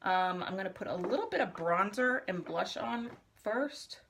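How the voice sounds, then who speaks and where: Woman, middle-aged, live makeup vlog, chatty, bright voice, faint hiss. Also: mid-range voice, expressive, normal speed. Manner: chatty, talks to viewers while applying makeup. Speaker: makeup vlogger. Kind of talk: casual live makeup tutorial.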